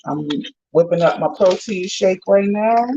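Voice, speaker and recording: A livestream host chats casually with viewers, addressing both them and pets along the way. The voice is mid-range, unhurried and mellow, and the recording has a dull, lo-fi sound.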